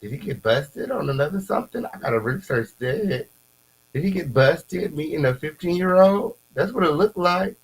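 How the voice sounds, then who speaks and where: Casual dude reading posts out loud, gets loud and squeaky when hyped, little hum behind. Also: male voice, moderate pace, vocal fry, slightly rough, poor audio. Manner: animated, repeats catchphrases, pitch jumps up when excited. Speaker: commentary host. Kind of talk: casual commentary reacting to posts.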